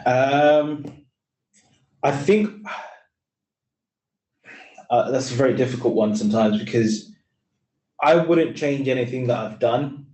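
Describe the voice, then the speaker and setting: Young guy on a video call panel, earnest and rambly, mellow voice, echoey and a bit far off. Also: medium pitch, takes it slowly, long pauses. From East London, England. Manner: earnest, rambling with many restarts. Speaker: finance employee, panel speaker. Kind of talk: casual panel talk. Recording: roomy, distant sound.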